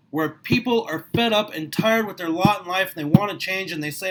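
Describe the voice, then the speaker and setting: A middle-aged man giving a passionate motivational talk to the camera, his voice rising and getting louder as he gets worked up. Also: high voice, brisk, hardly any pauses, poor audio. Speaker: small business owner recruiting for network marketing. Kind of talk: motivational vlog monologue.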